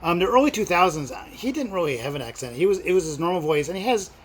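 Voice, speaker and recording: Rambling middle-aged man, slightly high voice. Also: quick pace, a little hiss or hum. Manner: rambling, filler-heavy talk with excited outbursts. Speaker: movie vlogger. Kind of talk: casual chat.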